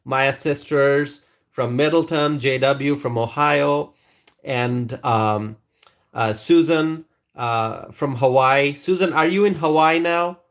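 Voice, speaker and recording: A man's voice: medium pitch, slow pace. A man hosting a live stream, chatting casually with viewers and reading their comments in a rambling, hesitant way. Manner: rambling, hesitant, with frequent restarts.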